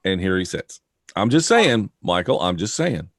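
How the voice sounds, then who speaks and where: A man with a deep, lively voice, recorded dry and close, co-hosting a casual live chat. He teases his friend and patiently explains things to the listeners. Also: normal speed, no echo.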